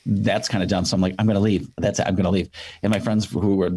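A man's voice: low voice, fast talker, slightly rough. A man telling a long anecdote in casual chat, acting out the people in it and using many fillers and restarts. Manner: animated anecdote with quoted voices. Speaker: storyteller guest. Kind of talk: casual storytelling.

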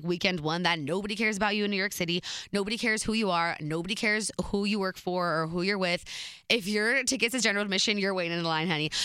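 A young woman telling a story to camera in a chatty, casual way, full of fillers and lively retelling. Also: mid-range voice, clean tone, no room sound, studio quality. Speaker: vlogger.

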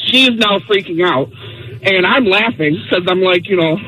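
High-voiced animated storyteller man. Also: moderate pace, poor audio. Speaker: radio show regular. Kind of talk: storytelling anecdote.

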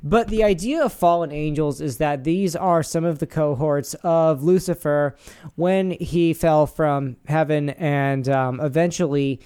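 A man's voice: on the high side, darkish tone, clean tone. A man co-hosting a casual podcast, rambling and swearing as he reads posts aloud with asides. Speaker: podcast co-host.

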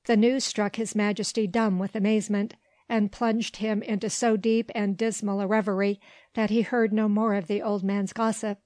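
A woman reads a classic novel aloud, her narration measured and even. Her voice is mid-pitched and sits close and dry, with no room echo. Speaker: audiobook narrator. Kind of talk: scripted narration.

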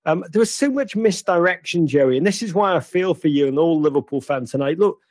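A man's voice: a little high, lively intonation, fairly quick, darkish tone, husky, no room sound, clean studio sound. A man hosting a football chat, telling stories theatrically and teasing his caller playfully. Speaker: host.

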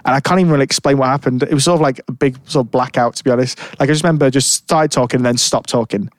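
A man's voice: medium pitch, racing, dry recording. A man telling a rambling story in casual chat, full of fillers and restarts. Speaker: podcast co-host.

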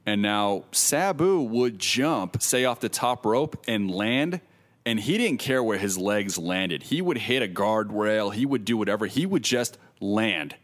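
A man's voice: on the low side, animated, a little slow. A man gives an explanatory commentary on a wrestler's career, laying it out step by step.

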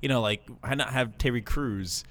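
A man in casual chat, halting and full of fillers. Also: mid-range voice, fairly bright tone.

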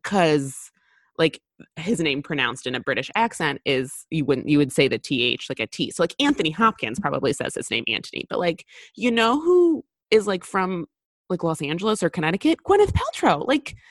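Low-voiced woman in chatty podcast talk. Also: sing-song, brisk, no echo, studio quality. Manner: chatty, many fillers and restarts. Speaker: podcast co-host. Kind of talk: casual chat.

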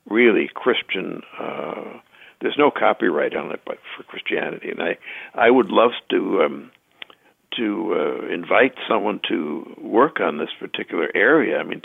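Gravelly low man on a tinny line. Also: no echo. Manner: hesitant, many fillers and restarts. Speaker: guest. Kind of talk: conversational interview.

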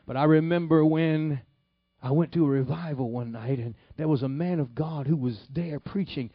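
A man from the Detroit area preaching, telling his testimony in an animated, folksy way. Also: a little high, moderate pace, no echo. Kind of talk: sermon testimony storytelling. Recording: dull lo-fi, dry sound.

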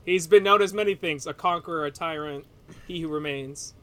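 A man's voice: fairly high pitch, fairly quick, sharp tone, a little hiss or hum. A man co-hosting a podcast, rambling casually through a recap, laughing and swearing freely. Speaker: podcast co-host.

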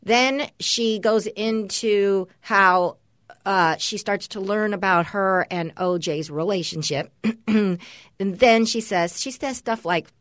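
Animated, profane podcast woman. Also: medium pitch, dry recording, clean studio sound. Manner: animated, profane, quick to laugh. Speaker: podcast co-host. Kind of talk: casual chat. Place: Los Angeles.

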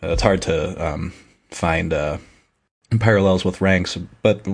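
A man with a very low voice talks through a book's chapters in a loose, casual way. He rambles and stops to correct himself as he goes. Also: takes it slowly, gravelly. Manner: rambling recap with self-corrections. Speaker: podcast co-host. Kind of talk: casual book discussion.

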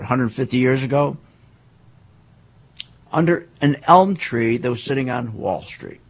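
A man with a husky voice giving an emphatic monologue, firing off rhetorical questions and acting out quoted voices. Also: on the high side. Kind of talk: animated monologue on markets.

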